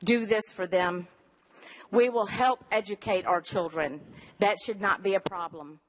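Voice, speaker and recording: A woman's voice: medium pitch, a little slow, poor audio. A woman, a mother, giving an earnest and emotional prepared public comment to a city council. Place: council chamber.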